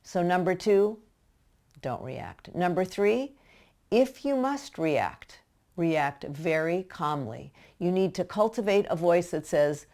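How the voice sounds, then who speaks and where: A woman's voice: fairly low pitch, expressive, slow pace, dark tone. A woman giving practical, direct advice to parents in a teaching talk. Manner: direct, practical, acts out parent and child voices. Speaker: parenting educator.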